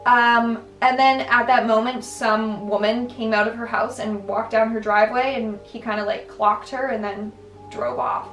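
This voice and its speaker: A woman's voice: a little high, fairly even intonation, normal speed, fairly bright tone. A young adult woman telling personal stories in a casual, rambling way, full of "like" and restarts. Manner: chatty, filler-heavy, lots of "like" and restarts. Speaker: vlogger. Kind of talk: casual storytelling. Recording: roomy, distant mic, faint music.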